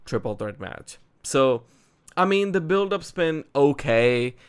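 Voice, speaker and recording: A man chatting casually as a show host, with a smooth, clear voice. He is loose and excitable, and he talks like he is on an online call with a friend. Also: fairly high pitch, takes it slowly. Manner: excitable, laughs often, fillers like "dude" and "man". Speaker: podcast host. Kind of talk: casual wrestling chat.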